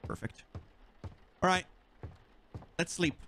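A man's voice: slow, slight background noise. A young man with a Swedish accent giving playful let's-play commentary and chatting to the game as he plays. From Sweden. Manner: animated, joking, talks to the game. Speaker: gaming YouTuber.

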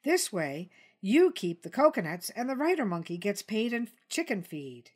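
A woman voicing Dilly, a calm, persistent jungle news creature who presses her points. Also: mid-range voice, normal speed, husky, pitched above the performer's own voice.

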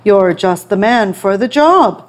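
A woman's voice: medium pitch, lively intonation, a little slow, lightly acted. A woman putting on a snappish, commanding emperor. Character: stern, impatient male emperor.

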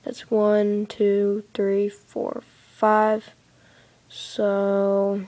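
A woman chatting her way through a building game, rambling and casual, breaking into excited squeals and giggles, recorded in a dark room on a tablet mic. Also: medium pitch, drawn-out words. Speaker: let's play host. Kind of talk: casual gameplay commentary. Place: dark room, sitting in a big armchair. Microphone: tablet microphone.

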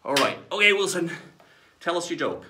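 A man hosts a children's lesson as a hammy pirate captain, his delivery swinging up and down with theatrical glee. His voice is bright with a gravelly edge, and it rings in an echoey room. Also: fairly high pitch, expressive, normal speed. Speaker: children's show host in pirate persona. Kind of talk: playful pirate-themed kids' lesson.

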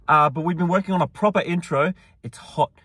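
A man's voice: fairly high pitch, brisk, pushed and bright, husky, no echo, clean studio sound. A young man with an Australian accent hosting a casual sports vlog, upbeat and jokey. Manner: upbeat, jokey, self-deprecating. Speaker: sports vlogger host. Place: car and outdoors around a stadium.

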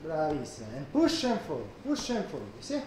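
A man with an Italian accent, a chef calmly explaining each step of a dough demonstration. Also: a little high, normal speed, heavy reverb, a little hiss or hum, poor audio. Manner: calm instructive, short encouraging words. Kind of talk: cooking demonstration.

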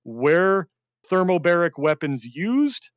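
Man, veteran storyteller, rambling, laughs a lot, slightly high voice, dry close sound. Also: slow pace, dry recording, muffled recording. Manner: rambling, laughs often, shifts between deadpan and excited. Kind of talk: casual storytelling chat.

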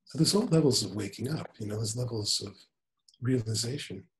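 Gentle older man telling stories. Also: medium pitch, slight background noise. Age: 70s. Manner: gentle, unhurried storytelling with soft laughs. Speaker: spiritual teacher. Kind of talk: spiritual conversation.

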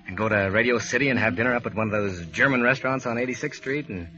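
An actor playing an eager, lovesick young sailor, earnest and pleading in 1930s radio drama style. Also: male voice, medium pitch, fast, bright, forceful tone, close to an everyday voice. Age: young adult. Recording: scratchy dull old radio transcription.

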